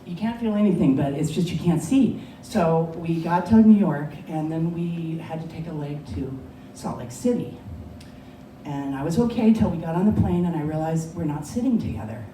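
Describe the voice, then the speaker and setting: A woman's voice: sits low, expressive, normal speed, mellow. A woman telling a personal story at a live story slam, conversational and often laughing. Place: bar lounge stage. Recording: echoey lounge, distant mic, background noise.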